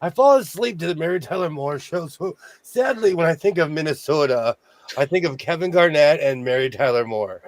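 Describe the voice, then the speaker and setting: A man's voice: a little high, animated, fairly quick. An older man hosting a sewing livestream, chatting casually and jumping between topics. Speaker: sewing show host.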